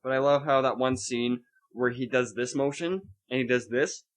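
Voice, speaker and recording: A man's voice: medium pitch, fairly even intonation, moderate pace. A young man co-hosting a podcast in casual chat, ranting and swearing with sarcasm. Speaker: podcast co-host.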